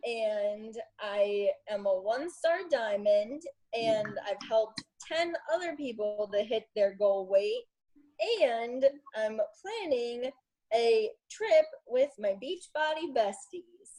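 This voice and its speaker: A woman's voice: fairly high pitch, lively intonation, takes it slowly, dark tone, poor audio. A young adult woman, a new coach being interviewed, who rambles in a chatty way and often laughs at herself. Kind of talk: casual interview.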